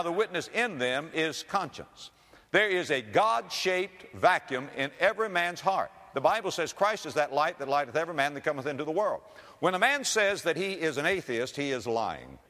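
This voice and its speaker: Emphatic preaching man in a reverberant hall. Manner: emphatic preaching with dramatic swings in pitch and loudness, slowing on key words. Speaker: pastor. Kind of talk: sermon.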